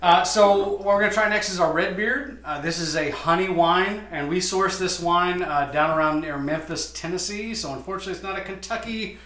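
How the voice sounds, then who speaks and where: A winemaker explaining his wines in a casual tasting chat, often pausing with "uh". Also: sits high, fairly bright tone. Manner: explanatory, many "uh" fillers. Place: winery. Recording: echoey room.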